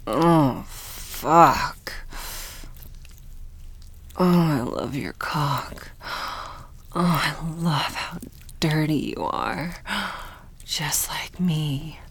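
A woman in a whispered role-play, speaking in a slow, breathy, teasing and commanding way. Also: low-pitched. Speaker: audio role-play performer.

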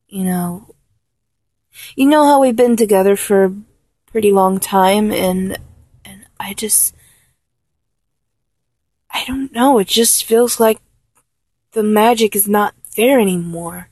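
A woman in a one-sided audio role-play, talking in a halting, stammering, apologetic way. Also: medium pitch, a little mellow, no echo. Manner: halting, stammering, with many restarts.

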